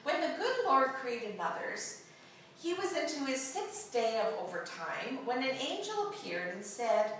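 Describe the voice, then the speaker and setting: A woman preaching and reading a story aloud in an earnest, expressive way. Her bright, fairly high voice moves through a wide range at a slow pace. The sound reaches the mic from far off in a room with heavy echo. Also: slight background noise. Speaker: speaker giving a Mother's Day message. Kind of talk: sermon with read-aloud story.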